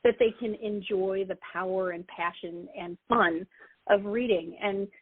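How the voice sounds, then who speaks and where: A woman who leads a nonprofit, a guest on a radio interview, speaking earnestly with small pauses. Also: mid-range voice, fairly even intonation, husky, dry recording. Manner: warm, earnest, uses "um". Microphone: phone call. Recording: tinny dry phone line.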